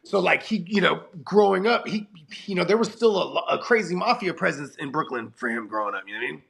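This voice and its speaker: A man's voice: a little high, expressive, fast, creaky, a bit bright, husky. A man in his forties co-hosting a casual chat, rambling and profane, laughing often, with a cold. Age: 40s. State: has a cold. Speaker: podcast co-host.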